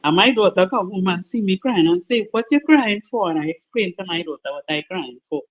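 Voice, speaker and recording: A woman's voice: lowish voice, brisk. A woman sharing her story earnestly in a group discussion, often asking "you understand?". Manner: earnest, repetitive, laughs often. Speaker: participant. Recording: muffled lo-fi call audio.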